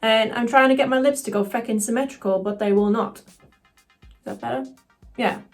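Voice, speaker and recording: Chatty excitable woman, soft music behind. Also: fairly high pitch, moderate pace. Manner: chatty, excitable, swears casually. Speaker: cosplayer doing a makeup tutorial. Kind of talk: casual tutorial chat.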